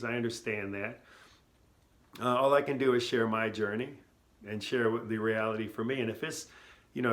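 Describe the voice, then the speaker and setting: A man's voice: mid-range voice, a bit bright. A middle-aged man telling his founder story in a casual, earnest way, talking with many asides and restarts, recorded on his phone. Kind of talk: casual personal testimony.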